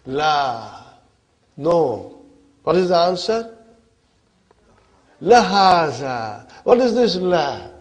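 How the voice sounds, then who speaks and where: A man teaching an Arabic grammar class, his voice on the higher side. He keeps quizzing his students and asks again and again whether they follow. He moves back and forth between English and Arabic as he explains. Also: big pitch swings, drawn-out words, long pauses. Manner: questioning, checks understanding often.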